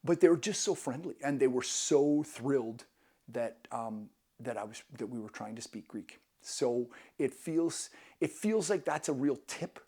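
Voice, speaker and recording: A man's voice: medium pitch, expressive, measured pace, dark tone, husky. A man hosting a travel vlog, giving casual travel tips in an enthusiastic, self-deprecating way.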